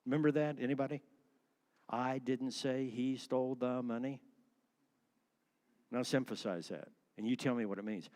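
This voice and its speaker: Guy teaching a church class, lively, keeps quizzing the room, mid pitch. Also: normal speed, long pauses. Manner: animated, asks the class questions, shifts word stress for effect. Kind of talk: interactive church class lecture.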